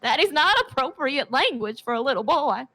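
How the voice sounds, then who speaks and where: A woman's voice: high-pitched, sing-song, moderate pace, bright, forceful tone, heavily acted. A woman playing an old great-grandmother with old-fashioned ideas about discipline, who still swears now and then. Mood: chatty. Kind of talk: comedic improvised chat.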